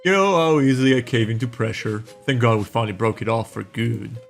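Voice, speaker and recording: A man's voice: medium pitch, brisk, creaky, soft background music, lightly acted. A man reading an anxious young college guy. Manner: nervous, overthinking.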